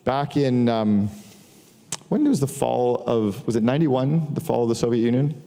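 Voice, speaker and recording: A man's voice: medium pitch, moderate pace, creaky, mellow. A middle-aged man giving a casual, profane business talk to an audience, telling stories with quoted dialogue. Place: large hall before an audience. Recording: long hall reverb.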